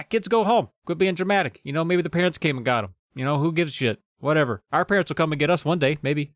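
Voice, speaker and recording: A man with a slightly higher than average voice, recorded dry and close with no room sound. He recaps the story casually and wryly, with offhand swearing and quick asides. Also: a bit bright, dry recording. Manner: casual, wry, reacts with laughs and swearing. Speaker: podcast co-host. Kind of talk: comedic book recap podcast.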